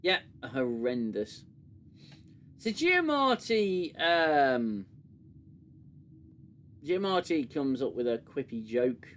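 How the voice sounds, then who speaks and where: A man's voice: mid-range voice, big pitch swings, takes it slowly, pauses often, a bit bright, slight background noise. A man hosting a casual review livestream, sarcastic and rambling with many fillers. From United Kingdom. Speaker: show host.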